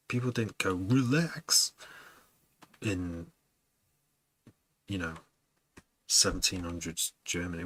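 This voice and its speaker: A man with a low voice and a bright, forceful edge chats casually to his viewers as a music producer. He rambles, laughs often and thinks out loud. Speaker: music producer streaming to chat. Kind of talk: casual chat with livestream viewers.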